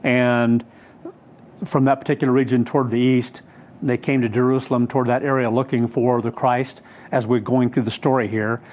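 Male pastor, mid-pitched voice, unhurried and emphatic sermon delivery. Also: little pitch movement, darkish tone. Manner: unhurried, emphatic storytelling with many fillers. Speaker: preacher.

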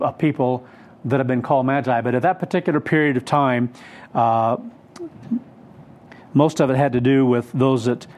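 A man preaching a sermon, retelling a scripture story in an unhurried, emphatic way with frequent fillers. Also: mid-range voice, a little mellow.

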